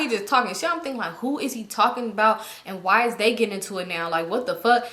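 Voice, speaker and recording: A woman's voice: on the high side, fast talker, few pauses, sharp tone, echoey room. A woman vlogger telling a rambling, profane story in a casual way, full of fillers.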